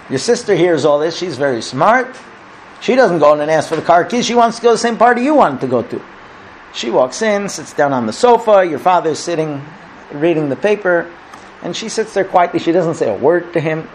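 With lively intonation and a moderate pace, this rabbi's voice runs on the high side, with a little hiss or hum in the background. He teaches in a chatty, conversational style, often asking "okay?" and "right?" and acting out the people in his stories.

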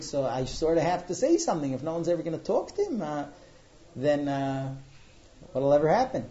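A middle-aged man, a matchmaker, telling a story in a casual, animated way with frequent hesitations. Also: on the high side, gravelly. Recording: dull lo-fi audio.

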